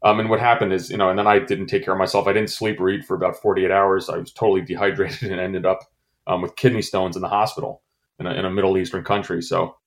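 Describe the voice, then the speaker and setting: A middle-aged man recounting a painful memory in an interview, halting with many fillers and restarts, emotional. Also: sits low, little pitch movement. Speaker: former intelligence station chief. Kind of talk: interview, personal recollection.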